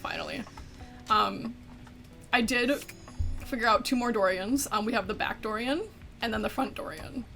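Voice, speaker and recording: A woman's voice: on the high side, normal speed, sharp tone, faint music behind. A woman streaming a game, chatting casually and swearing in frustration at her crashing computer.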